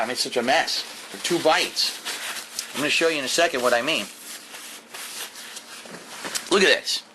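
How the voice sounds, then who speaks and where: A man's voice: a little high, pushed and bright, slight background noise. A man casually reviewing a burger at home for his vlog, talking enthusiastically and repeating his points, with the camera mic set down in front of him. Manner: enthusiastic, emphatic, repeats himself. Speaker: food reviewer vlogger. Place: at home, indoors. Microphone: camera mic, set down while eating.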